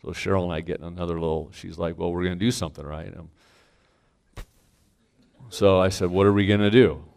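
Man, middle-aged, pastor, lowish voice, storytelling sermon, candid, self-deprecating humor. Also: fairly even intonation, fairly quick, creaky, long pauses, clear, resonant tone. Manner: candid, self-mocking, rising to loud punchlines.

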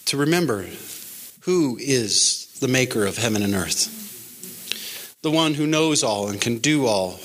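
A man's voice: medium pitch, animated, slow pace, long pauses, fairly bright tone. A man delivering an earnest, encouraging sermon as a pastor, quoting scripture along the way. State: pandemic-era address.

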